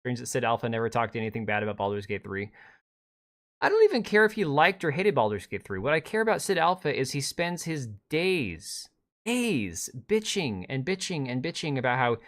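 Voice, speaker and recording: A man's voice: mid-range voice, very animated, normal speed, a bit bright. A man streaming a reaction to a video, talking sarcastically, swearing and mocking the speaker in whiny quotes. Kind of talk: live stream reaction commentary.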